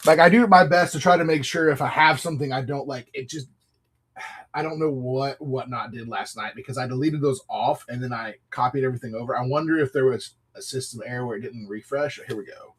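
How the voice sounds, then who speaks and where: A man's voice: medium pitch, a little fast, husky. A man hosting a live card sale, chatting casually, apologizing and talking through pack openings in an upbeat way. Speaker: livestream card seller. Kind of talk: casual live-selling chat.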